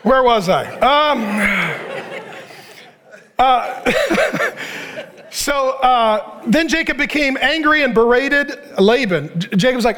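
A middle-aged man preaching a sermon, animated and joking, acting out the people he reads about. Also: extremely high pitch, takes it slowly. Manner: animated, joking, acts out the characters' lines; preaching to a laughing audience. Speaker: pastor.

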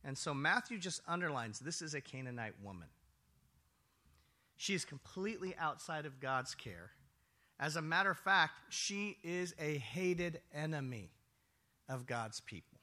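Lively, bright-voiced male preacher. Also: fairly high pitch, measured pace. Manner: animated storytelling, acts out voices, laughs often. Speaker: pastor. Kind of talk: sermon.

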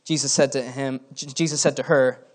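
A man's voice: mid-range voice, fairly even intonation, moderate pace. Casual man preaching a sermon. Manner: conversational, reads scripture aloud with asides and chuckles.

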